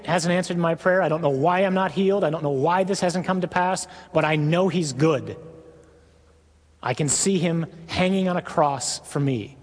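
A male priest delivers a sermon in an emphatic voice that drops to a hush at key moments. His voice sits a little high and sounds husky. A long echo from the hall trails after his words. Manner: emphatic, with hushed dramatic drops. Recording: echoey hall.

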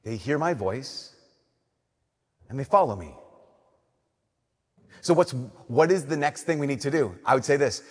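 A young adult man giving a sermon, telling animated stories and swinging between loud emphasis and soft, slow lines. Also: medium pitch. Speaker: Catholic priest. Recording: long reverb of a church.

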